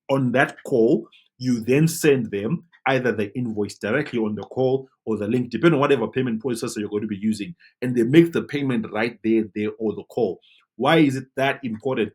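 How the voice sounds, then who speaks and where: A man teaching web design in a tutorial, coaching viewers in an animated way and often asking "right?". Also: mid-range voice, fast, husky. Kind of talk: tutorial talk to camera.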